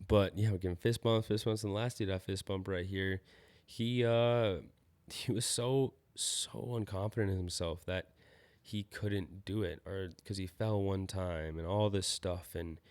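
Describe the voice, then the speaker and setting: A man's voice: low-pitched, steady tone, measured pace, darkish tone. A young man hosting a casual solo podcast, rambling and upbeat, sounding a little tired. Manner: rambling, loses his train of thought, upbeat about skateboarding. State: tired, yawning. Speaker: podcast host.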